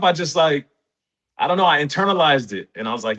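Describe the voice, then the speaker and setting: Animated man telling stories. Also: fairly quick. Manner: animated, rises in pitch when excited, quotes others in dialogue. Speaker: interview guest. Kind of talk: casual storytelling. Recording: dull lo-fi sound.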